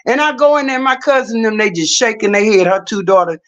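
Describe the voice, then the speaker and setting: A woman's voice: on the high side, expressive, fast talker, dull audio. A middle-aged woman livestreaming, telling stories in a blunt, profane, casual rant.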